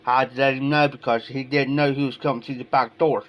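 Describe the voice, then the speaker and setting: A man's voice: medium pitch, flat delivery, fast, muffled recording. A man from Ohio telling a long personal story on a live stream, rambling and repeating "I said" as he goes. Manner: rambling, repeats "I said" between quoted lines. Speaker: livestream host.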